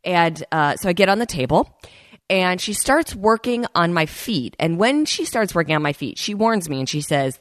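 Woman host, casual storyteller, speaks to listeners directly, slightly low pitch. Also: animated, fairly quick, no room sound, studio quality. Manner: chatty, personal storytelling addressing listeners. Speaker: podcast host. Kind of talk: casual podcast talk.

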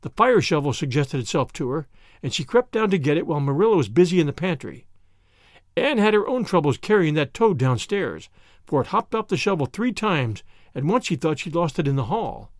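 Lively high-voiced male storyteller. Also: a little fast, dry recording, clean studio sound. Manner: lively, expressive reading with many character voices. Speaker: audiobook reader and podcast host. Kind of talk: expressive storybook narration.

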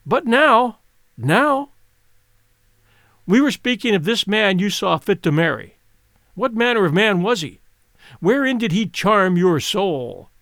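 A man's voice: high-pitched, big pitch swings, takes it slowly, long pauses, a bit bright, no room sound, clean studio sound, exaggerated voice. A man voicing a bitter reproachful frontiersman. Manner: grave, reproachful, declamatory. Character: stern bitter male Yukon frontiersman, reproachful. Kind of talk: dramatic audiobook reading.

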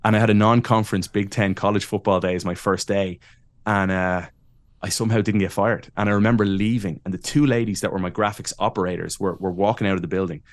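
A man in his thirties with an Irish accent, a podcast guest telling lively, self-deprecating stories and laughing often. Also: fairly low pitch, quick pace, dry recording. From Ireland. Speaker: podcast guest, wrestling announcer. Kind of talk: casual interview storytelling.

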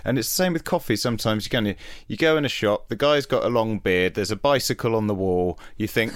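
A man's voice: on the low side, fairly quick, few pauses, no room sound, studio quality. A man hosting a podcast in a casual, rambling interview chat. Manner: chatty, rambling asides. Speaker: podcast host.

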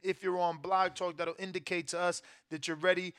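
A young man hosting a casual podcast, arguing in a slangy, quick back-and-forth and taking callers. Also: sits high, level tone, a bit bright, clear, resonant tone. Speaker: podcast host. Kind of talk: casual chat.

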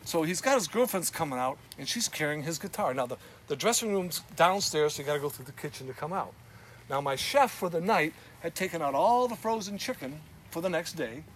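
Profane high-voiced man telling a story. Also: brisk, a little hiss or hum. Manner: profane, laughing, animated storyteller. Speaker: guest storyteller, former club owner. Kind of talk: casual anecdote telling.

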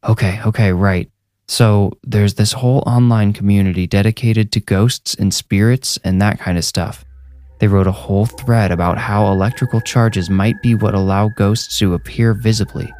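A man's voice: fairly low pitch, steady tone, normal speed, a little mellow, no echo, lightly acted. A man voicing a timid, nervous young man who talks anxiously and hesitantly in a horror story.

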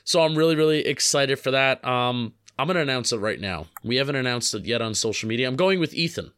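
Excitable young male podcast co-host. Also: mid-range voice, clean tone, no room sound. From New Jersey. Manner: upbeat, excitable, hurried asides. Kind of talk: casual sports podcast chat.

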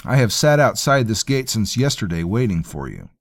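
A man's voice: fairly low pitch, big pitch swings, normal speed, no echo, clean studio sound. A man doing a blunt, stubborn commoner tracker. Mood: insistent. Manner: blunt, plain-spoken.

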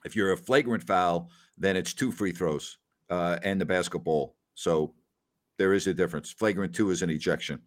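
A man hosting a casual post-game livestream, animated as he reads out viewer comments. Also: low-pitched, moderate pace. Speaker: podcast host.

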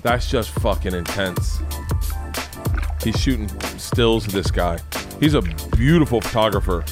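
A rambling, excitable man hosts a casual podcast, swearing freely as he talks in a lowish voice. Soft music hums faintly under him. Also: unhurried. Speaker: podcast host.

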